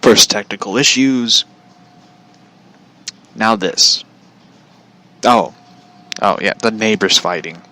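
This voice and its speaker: A man's voice: on the low side, takes it slowly, long pauses, pushed and bright. A man hosting his show from home, telling a story as a profane, aggravated rant. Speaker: show host. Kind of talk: ranting storytelling.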